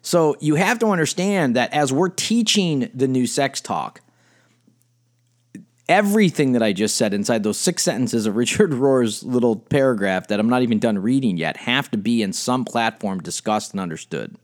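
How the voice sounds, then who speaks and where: A middle-aged man, a spiritual director and life coach, giving a blunt, animated teaching talk and reading quotes aloud. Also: medium pitch, normal speed. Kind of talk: podcast-style teaching monologue.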